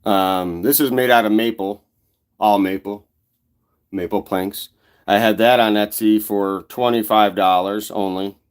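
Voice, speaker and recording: Laid-back man, 30s, woodworking host, lowish voice, rambly and halting, home office camera mic. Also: fairly even intonation, clean tone. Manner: rambling, halting, lots of fillers. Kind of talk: casual livestream chat.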